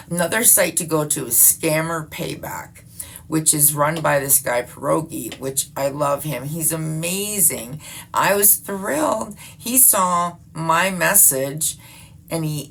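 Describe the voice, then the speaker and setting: Low gravelly woman in her fifties rambling. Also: a bit bright, a little hiss or hum. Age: 50s. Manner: chatty, swears freely, laughs often. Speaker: vlogger. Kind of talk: casual rambling chat.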